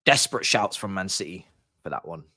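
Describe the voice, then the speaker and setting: A man's voice: deep voice, expressive, brisk, bright, forceful tone, no room sound, studio quality. A man streaming a live watch-along, chatty and slangy, with casual commentary on the match. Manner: chatty, slangy, groans and repeats "no" when annoyed.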